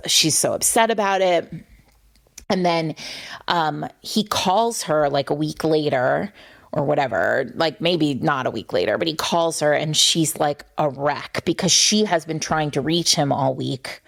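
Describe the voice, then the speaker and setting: A woman's voice: sits low, gravelly. A woman co-hosting a podcast, chatting casually about books and retelling a story with frequent self-corrections. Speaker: podcast co-host. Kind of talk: casual book-discussion chat.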